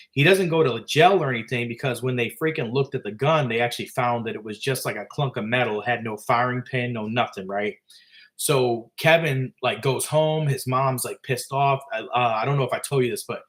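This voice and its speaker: A man telling a story in loose, casual talk at a middling pitch. He rambles and leans on fillers as he goes. His tone is conversational rather than performed. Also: fairly bright tone. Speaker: author and storyteller.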